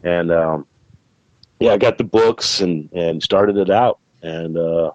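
A man's voice: low-pitched, slow, darkish tone, no room sound. A middle-aged man telling a long story as an interview guest, rambling and correcting himself, with frequent laughs. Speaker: interview guest, plant breeder. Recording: dull, dry sound.

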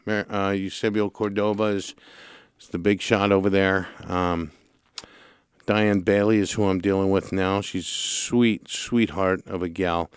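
A man hosting a radio show about mortgages, telling a client story in a lively, chatty way and acting out the calls. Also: deep voice, a little slow, smooth, no echo, studio quality. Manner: animated storyteller, acts out callers' lines. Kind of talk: casual radio talk, storytelling.

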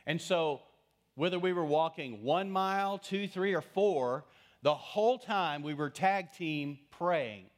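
A middle-aged man preaching a sermon as pastor, telling stories with dramatic swings between loud passages and hushed asides. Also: fairly high pitch, measured pace. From Texas.

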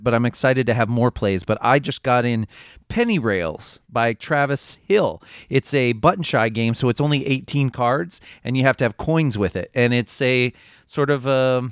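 Easygoing man with a clear voice. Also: medium pitch, no echo, clean studio sound. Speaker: podcast co-host. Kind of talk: casual chat.

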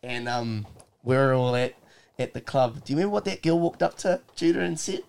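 A man's voice: mid-range voice, expressive, fairly quick, gravelly, darkish tone, clean tone. A man, a guest on a podcast, talking bluntly and cutting in with crude jokes. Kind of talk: casual chat.

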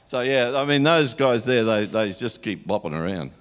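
A man's voice: medium pitch, normal speed. Guy preaching loose and chatty, laughs a lot, big echoey church hall. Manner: chatty, laughs often, lively when telling the story. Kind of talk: informal sermon with storytelling.

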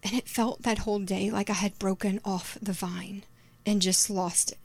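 A woman's voice: medium pitch, steady tone, normal speed. A middle-aged woman preaching a sermon in a chatty, conversational way, full of "like" and fillers. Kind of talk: sermon with personal story.

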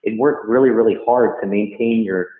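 A man hosting a podcast conversation, speaking in a measured, thoughtful way that hedges carefully. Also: lowish voice. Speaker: podcast host. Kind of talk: casual chat. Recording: tinny phone line in an echoey room.

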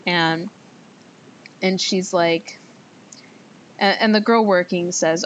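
A woman's voice: fairly even intonation, slow pace, long pauses, muffled recording. A young woman hosting a podcast, telling a story in a rambling, chatty way with many fillers and self-mocking asides. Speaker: podcast host. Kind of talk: casual storytelling monologue. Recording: faint background noise with low rumble.

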